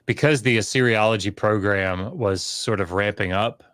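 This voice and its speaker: Low-voiced man telling a story, dry sound. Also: moderate pace, dry recording. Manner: many fillers and restarts, animated when quoting others. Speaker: podcast guest, scholar. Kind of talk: casual conversational storytelling.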